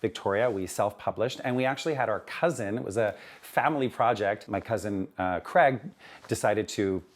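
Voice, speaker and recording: Low-voiced man telling an earnest story. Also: moderate pace. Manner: earnest, warm storytelling with frequent "you know". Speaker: children's book author interviewed. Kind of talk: interview, personal storytelling.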